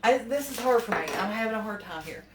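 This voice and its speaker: A home cooking vlogger with a fairly high, animated voice talks quickly, recorded off-mic from a distance with a little hiss or hum in an echoey kitchen amid clattering pans. Folksy and chatty, she demonstrates a dish for viewers while fumbling and fretting aloud.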